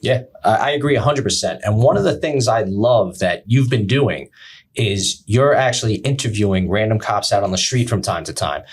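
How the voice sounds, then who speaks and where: Husky-voiced male podcast co-host. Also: lowish voice, expressive, moderate pace. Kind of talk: casual chat.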